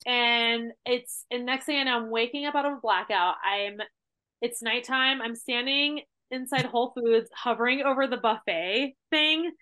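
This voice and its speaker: A woman guest in a casual podcast chat, telling a story in an animated way with many fillers like "like". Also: fairly high pitch, normal speed. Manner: animated storytelling, heavy use of "like".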